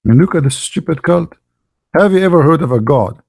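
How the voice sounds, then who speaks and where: A man's voice: fairly high pitch, animated, fairly quick, vocal fry, a little mellow, husky, dry recording, clean studio sound. A man hosting a polemical monologue, mocking as he talks, asking rhetorical questions and repeating words for emphasis. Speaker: channel host.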